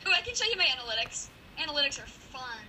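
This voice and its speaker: A woman's voice: high-pitched, very animated, fast talker, noisy background. A woman hosting a casual group podcast chat over a video call, giggly and rambling with lots of restarts. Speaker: podcast host.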